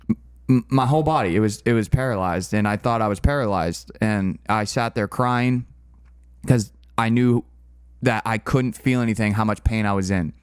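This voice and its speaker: Young guy rambling thru a story, low flat smooth voice, dry sound. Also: no room sound. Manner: rambling, candid, frequent fillers and restarts. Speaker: channel co-host. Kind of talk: casual storytelling.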